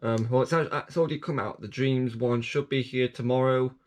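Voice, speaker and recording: A man's voice: mid-range voice, steady tone, normal speed. A man hosting his own channel, rambling through updates and app reviews with frequent restarts, self-corrections and self-mocking asides. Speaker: channel host.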